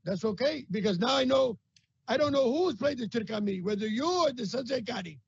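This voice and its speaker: A performer plays a fumbling old grandpa with a gravelly, husky voice. He stammers through broken English. The call audio is dull and lo-fi, with a dry sound. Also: medium pitch, animated, brisk, no room sound, heavily acted. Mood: chatty. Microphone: video call.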